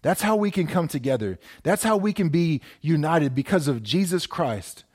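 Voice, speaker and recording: Male pastor, sermon, slightly high-pitched, repetitive exhorting delivery, stammering restarts. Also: expressive, normal speed, darkish tone, slightly rough. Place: speaking to a camera for viewers at home.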